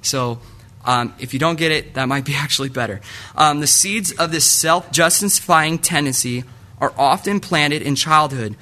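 Bright-voiced man preaching a casual sermon. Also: on the high side, normal speed. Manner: casual, rambling, jokey with frequent fillers.

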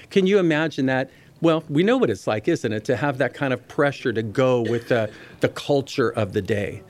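A man preaching through a Bible passage. He reads the text, then explains it in an easy, conversational way and turns to his listeners with questions. His voice sits in a middle pitch and is recorded dry and close. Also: animated, moderate pace, no echo. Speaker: pastor. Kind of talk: expository Bible teaching sermon.

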